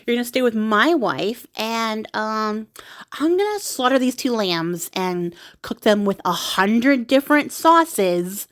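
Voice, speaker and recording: A woman's voice: a little high, expressive, takes it slowly. A woman voicing a male palace cook who talks in a hesitant, matter-of-fact way. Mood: wry.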